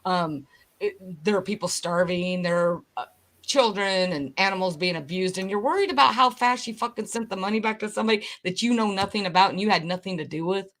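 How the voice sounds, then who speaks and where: Bright-voiced woman ranting bluntly. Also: mid-range voice, brisk. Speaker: livestream co-host. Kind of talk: casual live chat.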